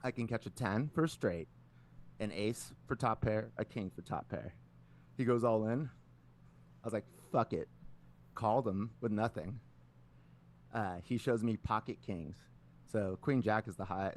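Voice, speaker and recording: Rambling low-voiced guy, lots of filler. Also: normal speed. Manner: rambling, heavy filler words, swears a lot. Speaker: podcast co-host. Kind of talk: casual storytelling chat.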